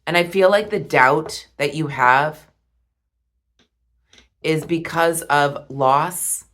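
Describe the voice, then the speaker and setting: A woman reading tarot cards, talking slowly and softly with heartfelt pauses. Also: sits low. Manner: slow, soft and heartfelt, with pauses. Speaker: tarot reader.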